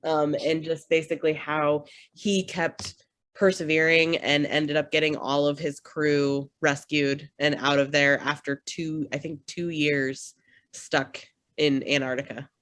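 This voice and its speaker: A woman's voice: sits low, flat delivery, a little slow, a bit bright, no room sound. A woman speaks as a guest on a casual podcast, recounting stories in a friendly, easygoing manner. Her voice sounds dry and close, with almost no room sound. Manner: friendly, storytelling. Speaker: podcast guest, association director.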